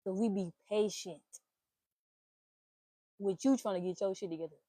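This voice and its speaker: A young woman hosting a casual talk stream, giving blunt, profane relationship advice in an animated rant. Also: medium pitch, moderate pace, no echo. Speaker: host.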